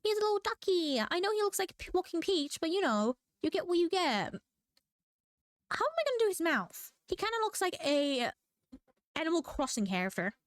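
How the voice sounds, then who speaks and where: Casting: high-voiced woman, scatterbrained and giggly, chatting away while she sketches; dry, close mic. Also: very animated, a little fast, no echo. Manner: giggly, scatterbrained, playful, self-mocking; bursts into squeaky exclamations. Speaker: manga artist drawing on stream. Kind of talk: rambling casual chat while drawing. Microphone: desk microphone.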